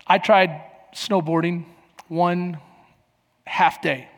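A man in his forties preaching a sermon as pastor, telling stories with lively acted-out voices and shouts. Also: sits high, drawn-out words, big-room sound. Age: 40s. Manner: animated storytelling, acting out voices and shouts. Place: church.

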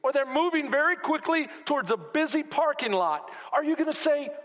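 A man preaching a sermon as pastor to a congregation, swinging between loud exclamations and hushed asides. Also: very high voice, expressive, normal speed, hardly any pauses. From Texas. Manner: preaching with rising shouts and sudden quiet drops. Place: church sanctuary. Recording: long hall reverb.

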